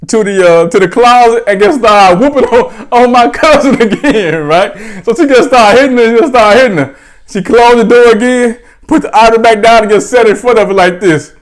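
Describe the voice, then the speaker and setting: A man from Mississippi telling a family story casually, animated and full of "right?" asides. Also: very high-pitched, moderate pace. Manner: animated, dialect-rich, chuckling asides with frequent "right?". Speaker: storyteller host.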